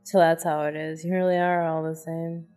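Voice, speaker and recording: A woman's voice: low voice, level tone, normal speed, mellow, faint music behind, pitched below the performer's own voice, natural voice. Bitter defensive young male patient, read by a woman; curt, scornful lines.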